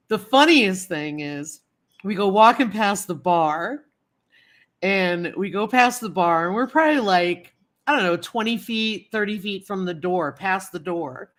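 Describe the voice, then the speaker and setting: Woman, livestream host, slightly low voice, rambling casual chat, greets viewers. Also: a little slow. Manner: chatty, greets viewers and answers chat comments as she talks; rambling storytelling with many fillers and repeats.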